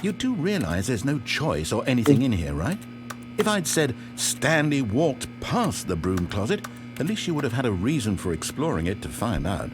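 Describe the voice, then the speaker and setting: A man's voice: mid-range voice, huge pitch swings, normal speed, over music. An actor playing a wry, theatrical male narrator in a video game, speaking in an articulate way. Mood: baffled exasperation.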